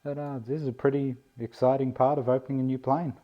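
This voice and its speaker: A man's voice: medium pitch, flat delivery, fast talker. A man giving a laid-back, self-deprecating unboxing commentary on a model plane, indoors on a camera mic. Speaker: RC plane hobbyist vlogger. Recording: dull lo-fi camera audio.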